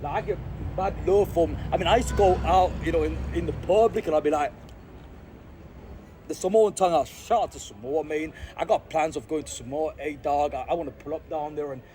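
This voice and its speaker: Man vlogger from Sri Lanka, slangy and rambling, fairly high voice, outdoors with faint traffic. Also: a little fast, mellow. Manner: slangy, rambling, repeats "hey, dog" and "I gotta be honest". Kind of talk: rambling casual vlog monologue. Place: outdoors in an urban spot.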